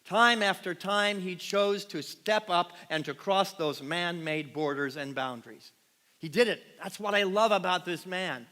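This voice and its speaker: A man preaching a passionate sermon to his congregation, swinging from loud emphatic peaks to quiet, hushed lines and often asking the room questions. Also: high-pitched, a little slow. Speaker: pastor. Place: large church sanctuary. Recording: long hall reverb.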